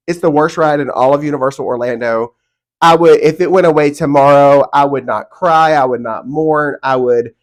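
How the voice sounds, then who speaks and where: A middle-aged man vlogging from a home studio, talking to camera in a casual, opinionated, emphatic way with mock outrage. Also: fairly high pitch. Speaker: theme park vlogger.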